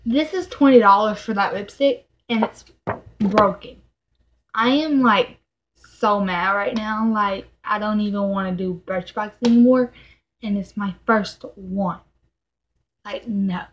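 A young woman records an unboxing vlog at home, her camera sitting some way off. She talks at an unhurried pace in a middle-pitched voice, sounding exasperated, swearing freely and leaning on "like" again and again. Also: low-quality recording. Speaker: vlogger. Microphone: camera mic at a distance.

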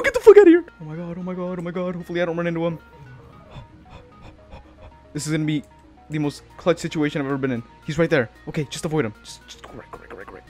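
A man giving jittery let's-play commentary, swearing often and calling everyone dude and bro. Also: on the high side. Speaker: gaming channel host.

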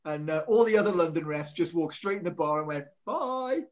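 A man who referees rugby, telling lively anecdotes in casual chat, acting out quotes. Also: on the high side, quick pace. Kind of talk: casual storytelling.

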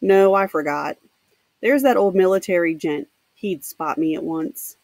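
A woman's voice: lowish voice, measured pace, a little mellow, no echo. Woman voicing scheming middle-aged man, muttering, dry close sound, storybook reading.

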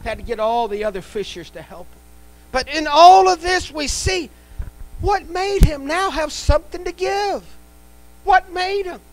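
A man's voice: very high voice, lively intonation, a little slow, no room sound, low-quality recording. A man preaching a live church sermon, emphatic and repetitive, speaking in a church sanctuary. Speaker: pastor.

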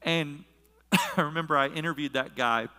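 A high-voiced male pastor preaches and tells a personal story, slipping into the voices of the people in it. His tone is sharp and bright, and it carries through the long reverb of a large church hall. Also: moderate pace. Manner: storytelling, acts out quoted voices. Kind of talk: sermon.

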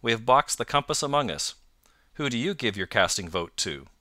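A man's voice: mid-range voice, lively intonation, moderate pace, sharp tone, dry recording, studio quality. A man doing a bluff, hearty police inspector. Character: brisk, eager male police inspector. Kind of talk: audiobook narration.

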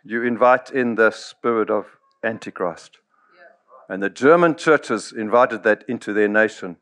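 A man's voice: medium pitch, a bit bright. A middle-aged man, preaching a sermon in a storytelling way and acting out quoted voices. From South Africa. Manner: storytelling, acts out quoted voices, chuckles often. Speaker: pastor.

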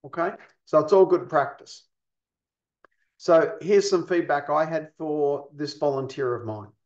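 A man's voice: on the high side, unhurried, darkish tone. A man giving a recorded training lesson on pastoral care, explaining patiently and asking rhetorical questions. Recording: echoey, dull lo-fi.

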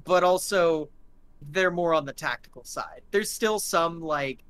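A man's voice: fairly high pitch, unhurried, fairly bright tone, clean tone. A man narrating a live tabletop game as game master, rambling with lots of fillers.

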